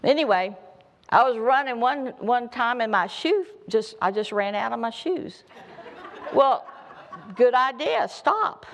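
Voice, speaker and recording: A woman's voice: fairly high pitch, animated, a little slow. A middle-aged woman preaching a sermon, telling folksy, humorous personal stories.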